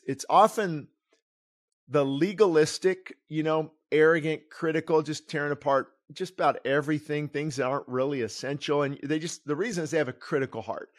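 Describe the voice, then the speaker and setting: A middle-aged pastor preaching his own book aloud, earnest and digressive, often breaking off and restarting his sentences. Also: a little high. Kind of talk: sermon reading of his book with commentary.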